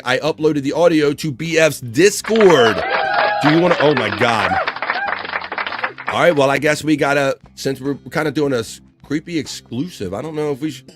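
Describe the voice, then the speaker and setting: A man hosting a live online show in casual talk, joking as he reads out chat messages and horoscopes. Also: fairly high pitch. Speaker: host.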